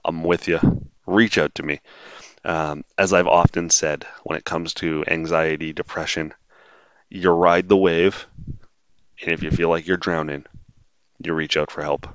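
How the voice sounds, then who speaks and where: Deep-voiced sarcastic man, dry dull sound. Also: fairly even intonation, measured pace, long pauses, a bit bright, smooth, no room sound. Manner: sarcastic, blunt, rambling with fillers. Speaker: podcast host. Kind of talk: solo podcast monologue.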